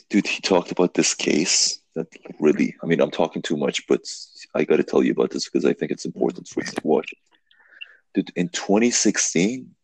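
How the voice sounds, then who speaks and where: Husky-voiced man telling a story. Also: deep voice, no room sound. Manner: animated storytelling, filler-heavy, swears. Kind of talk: casual podcast conversation.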